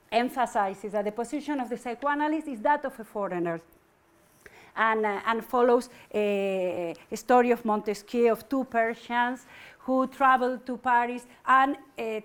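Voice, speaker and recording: A middle-aged woman giving an academic lecture, speaking hesitantly with frequent restarts and fillers. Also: high-pitched.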